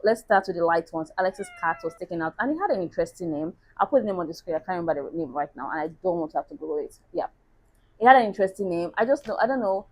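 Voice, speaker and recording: A woman's voice: lowish voice, lively intonation, racing, a little mellow, poor audio. A woman chatting casually as a book reviewer, laughing at herself now and then.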